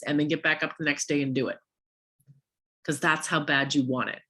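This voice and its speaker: A woman with a hoarse, worn-out voice giving a motivational coaching talk to a sales team, firing off rhetorical questions at her listeners. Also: low voice, fairly even intonation, moderate pace, long pauses, bright, forceful tone.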